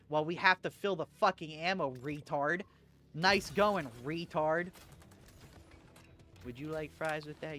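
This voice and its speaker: A man's voice: on the high side, pushed and bright. A young man streaming a game, chatting casually with his chat, joking and swearing and laughing at his own bits. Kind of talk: casual gaming livestream chat.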